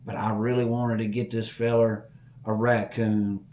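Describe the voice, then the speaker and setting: A man's voice: lowish voice, level tone, unhurried, a little mellow, a little hiss or hum. A middle-aged man hosting a podcast, telling a story in a folksy way and acting out the voices. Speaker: podcast host. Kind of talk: storytelling chat.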